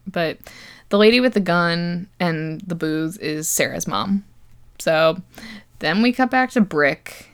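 A woman's voice: lowish voice, animated, slow, clean tone. Sarcastic young woman recapping a movie. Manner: sarcastic, laughs often, swears freely. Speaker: podcast host.

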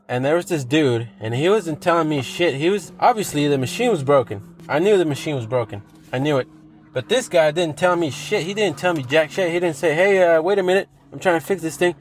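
A man's voice: fairly high pitch, slight background noise. A man ranting on his own, swearing freely and hammering points home by repeating them. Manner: profane, emphatic, repeats himself for effect. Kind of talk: solo rant monologue.

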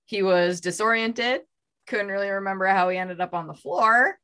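A woman's voice: medium pitch, normal speed, pushed and bright, smooth. A woman podcast host telling a true crime story in a casual, conversational way, with fillers. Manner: reads out a story with fillers, voicing quoted lines.

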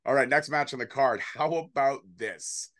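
A man's voice: medium pitch, normal speed, fairly bright tone. A man co-hosting a casual wrestling prediction show, joking and rambling with sarcastic asides. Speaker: podcast co-host.

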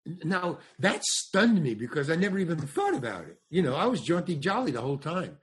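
A man's voice: on the high side, huge pitch swings, brisk, slightly rough. An older man, a stand-up comedian and actor, telling a long anecdote as a podcast guest, acting out quoted dialogue and often restarting his sentences. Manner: rambling storyteller, acts out quoted dialogue, frequent restarts. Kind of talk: anecdotal interview storytelling.

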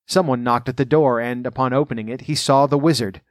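A man reading a storybook aloud in a measured, even way, then adding his own commentary. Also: mid-range voice, dry recording, clean studio sound.

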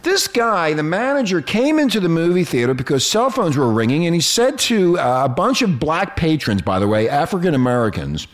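A man's voice: a little high, sing-song, a little fast, hardly any pauses. A male radio host ranting with lots of profanity in casual banter.

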